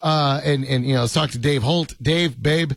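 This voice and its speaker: A man with a gravelly, slightly husky voice hosts a sports radio show, his pitch leaping around as he rambles and jokes. The sound is dry and close, with no room around it. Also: moderate pace, no room sound. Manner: joking, rambling, laughs often. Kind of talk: casual sports radio chat.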